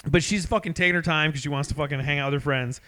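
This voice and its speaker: A man's voice: on the high side, racing, bright, forceful tone. A man co-hosting a podcast, telling a story in casual chat, swearing freely and laughing as he goes. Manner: swears a lot, laughs through his own story. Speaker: podcast co-host.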